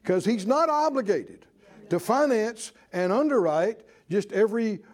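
Delivering a lively sermon at a measured pace, this man has a high voice. He calls on the congregation to respond and imitates anxious voices.

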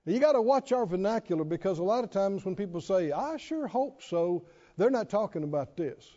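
A male pastor with a high, mellow, expressive voice preaches fast to his congregation in the sanctuary. He tells a humorous story with animation and calls for responses, and the church recording is dull and reverberant.

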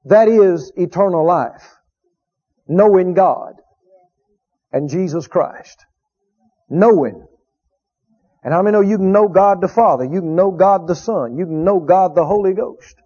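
High-voiced preacher with a husky tone. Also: male voice, lively intonation, dark tone. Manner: emphatic, repeats key phrases, drawn-out quotes of scripture. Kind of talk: sermon. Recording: dull lo-fi recording.

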